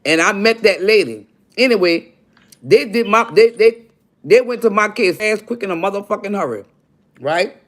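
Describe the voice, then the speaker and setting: Speaking in a mid-range voice with lively intonation and a moderate pace, an older woman on a livestream shares a personal story. She's blunt and swears heavily, addressing her live audience directly as "y'all" as she confesses.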